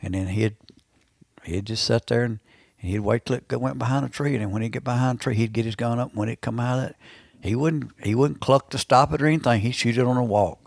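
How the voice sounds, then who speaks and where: Gravelly-voiced Southern man in his sixties. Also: mid-range voice, fast talker, no room sound, studio quality. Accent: Alabama Southern. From Alabama, USA. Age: 60s. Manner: rambling, repeats and restarts phrases. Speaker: guest, veteran turkey hunter. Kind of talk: casual storytelling in a podcast interview.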